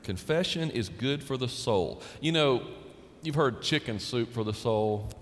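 A man's voice: medium pitch, animated, unhurried, in a large hall, slight background noise. A pastor preaching a conversational sermon, acting out quoted dialogue and repeating words as he builds a point.

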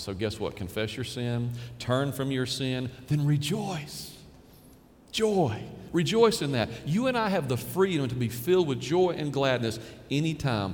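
A man's voice: mid-range voice, lively intonation, a little slow. A male pastor preaching a sermon in a conversational, emphatic way, repeating key phrases for stress. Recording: long hall reverb, faint room noise.

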